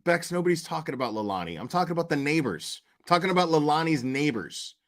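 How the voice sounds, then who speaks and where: A man's voice: a little high, fast talker. Profane, rambling male stream host. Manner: rambling, profane, animated asides to chat. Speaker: commentary channel host. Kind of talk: casual livestream chat.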